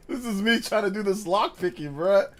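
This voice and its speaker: A man's voice: high-pitched, a little slow. A man live-streaming a game, chatting casually, rambling and laughing often.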